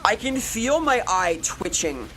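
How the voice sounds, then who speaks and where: A woman's voice: on the high side, very animated, unhurried, fairly bright tone. A woman streamer chatting casually with viewers, ranting and swearing with exasperation over faint background music. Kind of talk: casual live-stream chat answering viewers.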